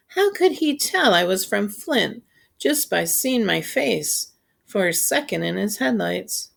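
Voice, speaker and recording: A woman reading a children's novel aloud in a steady, unhurried storytelling voice. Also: mid-range voice, creaky. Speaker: audiobook reader. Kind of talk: scripted narration.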